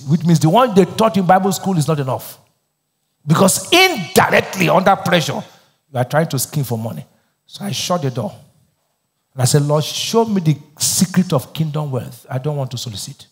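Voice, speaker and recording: A Nigerian man with a high-sitting voice preaches a sermon as a pastor in a large hall. Speaking in Nigerian English, he asks the crowd to finish his lines in call-and-response.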